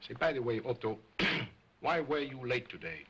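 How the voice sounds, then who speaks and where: An actor playing a pompous, egocentric stage ventriloquist in early sound film acting, formal and scolding. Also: male voice, medium pitch, sing-song, normal speed, a bit bright, breathy edge, exaggerated voice, poor audio. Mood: straight man. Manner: grandiose, stiffly formal, scolding.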